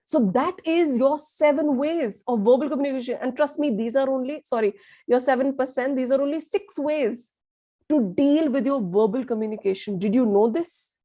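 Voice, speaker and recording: A young woman with an Indian accent teaching an online lesson in a lively way, mixing in Hindi and asking her listeners questions. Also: high voice, moderate pace, no echo. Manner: lively, switches between English and Hindi, asks the audience questions. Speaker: communication skills teacher.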